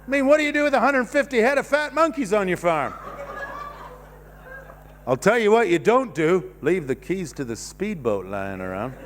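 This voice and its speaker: An older man doing a stand-up comedy set on a theatre stage, rambling and self-mocking with sudden loud outbursts. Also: sits high, big pitch swings, moderate pace, slight background noise. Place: stage of a cinema theatre, live audience.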